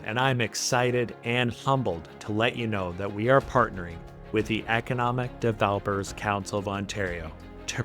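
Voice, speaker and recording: A man with a Canadian accent hosting a podcast interview, enthusiastic and chatty, telling stories with animated energy. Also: on the low side. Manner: enthusiastic storyteller, animated when retelling. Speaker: podcast host. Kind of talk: conversational interview.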